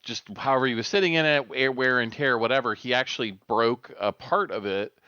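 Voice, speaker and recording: A man's voice: medium pitch, brisk, sharp tone, clear, resonant tone, no echo. A middle-aged man co-hosting a podcast, chatting casually and rambling with lots of fillers and restarts. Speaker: podcast co-host. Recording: dull lo-fi dry sound.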